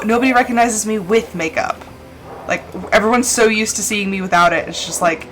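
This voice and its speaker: A woman's voice: mid-range voice, a little fast, fairly bright tone, faint music behind. A young woman streaming a game, chatting and telling stories casually and laughing often. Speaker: live streamer. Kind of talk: casual chat while gaming. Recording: background noise.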